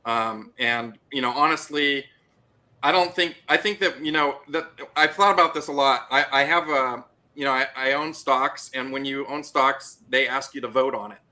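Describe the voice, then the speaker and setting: A man guest on an online panel, answering in a relaxed way and thinking aloud as he goes. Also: mid-range voice, normal speed. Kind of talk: casual political discussion.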